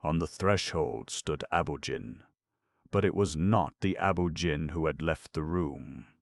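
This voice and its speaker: Very deep, gravelly male narrator. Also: dry recording, clean studio sound. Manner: measured, literary. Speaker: audiobook narrator. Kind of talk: scripted narration.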